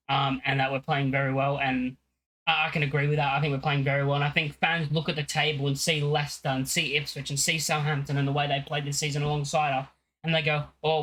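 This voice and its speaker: A man's voice: fairly high pitch, a bit bright, low-quality recording. A young man talking casually as a football fan channel host, rambling, with many fillers and restarts.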